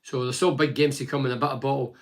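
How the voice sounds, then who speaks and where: An older man from Scotland talking casually about football as a pundit, reading out fan messages and rambling with lively asides. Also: medium pitch, quick pace. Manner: animated, chatty, rambling with asides. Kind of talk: casual solo football commentary.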